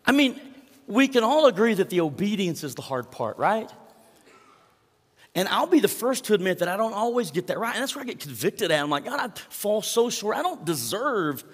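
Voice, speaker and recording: A middle-aged man preaching a sermon as pastor, telling stories in an animated way that swings from hushed to loud. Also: high voice, a little fast. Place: large church hall. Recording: long hall reverb.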